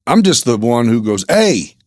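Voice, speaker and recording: A man with a lowish voice hosting a podcast in easygoing conversation. He talks loosely, drops a casual curse here and there and laughs easily. The sound is dry and close, with no room around it. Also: moderate pace, no room sound. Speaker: podcast host. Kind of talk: casual interview chat.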